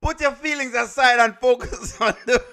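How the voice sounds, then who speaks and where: A man's voice: very high-pitched, moderate pace, bright, forceful tone. A man with a Jamaican accent hosting a live reaction stream, playfully pleading with his viewers and laughing often. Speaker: streamer and show host.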